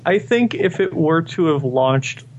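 A young man co-hosting a casual chat, relaxed and easygoing, often restarting his sentences. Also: fairly high pitch, unhurried, lo-fi sound, slight background noise.

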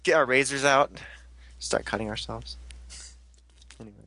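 A young man hosting a casual podcast, recapping an episode with jokes and quick character impressions. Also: medium pitch, bright, forceful tone. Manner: jokey, quick voice impressions of characters, laughs a lot. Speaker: podcast host recapping a show.

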